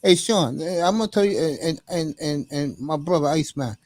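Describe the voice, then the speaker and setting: A man hosting an online sports chat in an easygoing, friendly way. His voice sits a little high for a man, and he talks loosely, dropping "man" and "bro" at the ends of his lines. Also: animated, a little fast, darkish tone. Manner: laid-back, says "man" and "bro" often. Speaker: podcast host.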